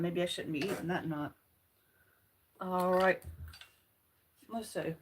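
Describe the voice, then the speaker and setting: A woman hosting a casual livestream, chatting playfully and laughing at her own jokes. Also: medium pitch. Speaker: channel host.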